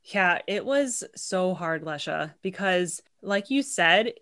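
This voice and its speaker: A woman guest on a podcast, telling her story in an emotional, expressive way and acting out what people said. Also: lowish voice, slow. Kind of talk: personal storytelling interview.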